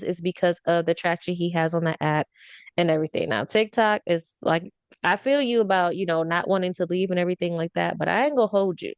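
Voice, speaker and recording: A woman hosts a casual podcast, ranting animatedly about her pet peeves and laughing often. Her pitch sits in an ordinary middle range. The sound is dry and close. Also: clean tone, dry recording. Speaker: podcast host.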